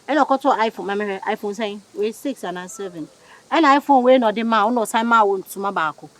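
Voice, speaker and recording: A woman's voice: mid-range voice, a little fast. A Ghanaian woman acting in a comedy skit, chatting and mixing Twi with English.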